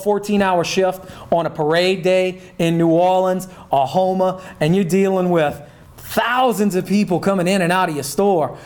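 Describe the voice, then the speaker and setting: A man's voice: sits high, darkish tone. Folksy man hosting. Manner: folksy, emphatic, keeps asking "right?" and "okay?". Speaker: podcast host. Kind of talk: casual chat.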